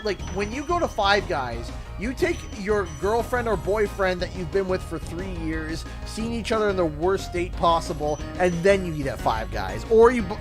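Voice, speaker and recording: A young man hosting a livestream, chatting and joking with viewers in a lively, swinging voice. His pitch sits a bit high, and faint game music plays behind him. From Canada. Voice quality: chatty, animated, jokey. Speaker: livestream host. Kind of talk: casual gaming livestream chat.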